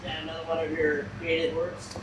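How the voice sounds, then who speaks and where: A man's voice: on the high side, monotone, a little fast. A restaurant co-worker, a man who answers with short, teasing reactions from across the room. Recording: distant, roomy, noisy restaurant.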